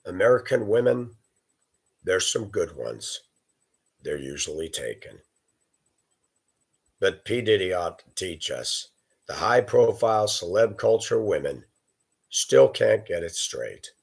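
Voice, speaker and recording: Gravelly man on a sarcastic rant. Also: fairly low pitch, very animated, slow, pauses often. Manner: profane, sarcastic storytelling. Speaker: vlogger. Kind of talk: ranting monologue.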